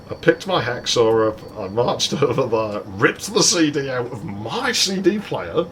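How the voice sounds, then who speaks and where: A man's voice: mid-range voice, a bit bright, a little hiss or hum. Sweary man telling a story. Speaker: let's play host. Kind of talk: casual gameplay commentary and storytelling.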